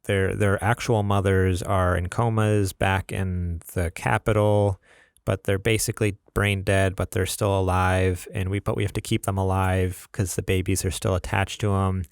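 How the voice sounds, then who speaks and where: A man's voice: sits low, flat delivery, normal speed, gravelly, clear, resonant tone, no echo, clean studio sound. A young man hosting a casual gaming podcast, rambling with lots of fillers and laughs. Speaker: podcast host.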